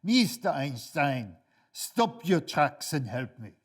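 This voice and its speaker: A man's voice: fairly high pitch, very animated, takes it slowly, heavily acted. Man doing a bossy old grandmother with a Central European accent. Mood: calling out. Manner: insistent, scolding, broken English. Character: tiny pushy old immigrant grandmother.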